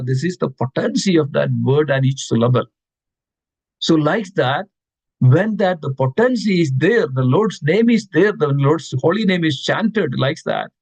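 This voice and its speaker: A man's voice: fairly high pitch, darkish tone, husky, no echo, poor audio. A man giving a devotional scripture class, reciting verses and asking his listeners questions, often repeating words for stress. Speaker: class speaker.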